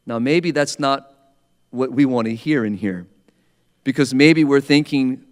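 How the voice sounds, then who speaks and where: A man giving an earnest, measured sermon, slowing down for emphasis. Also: medium pitch, long reverb tail. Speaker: preacher.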